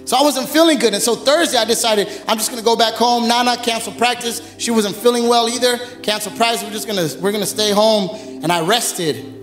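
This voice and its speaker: A man preaching as pastor, in a lively, conversational sermon full of humor, while recovering from bronchitis. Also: very high voice, brisk, soft background music. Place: church sanctuary. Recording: echoey church hall.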